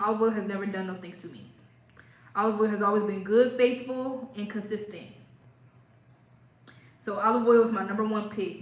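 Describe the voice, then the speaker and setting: Young woman chatting on a hair livestream, playful, lots of likes and ums, echoey room. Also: medium pitch. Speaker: hair care livestream host. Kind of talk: casual livestream chat, reading comments.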